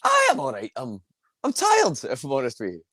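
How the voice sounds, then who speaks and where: A man co-hosting a wrestling chat show, dry and deadpan in his delivery. His pitch swings widely while his humor stays understated. The sound is close and dry, with no room around it. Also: fairly quick, no room sound. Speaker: co-host. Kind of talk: casual comedic chat.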